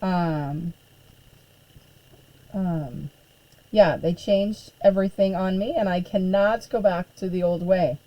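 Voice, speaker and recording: A middle-aged woman art teacher chatting casually on a live stream, hoarse and losing her voice, filling pauses with ums and clearing her throat often. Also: lowish voice, lo-fi sound.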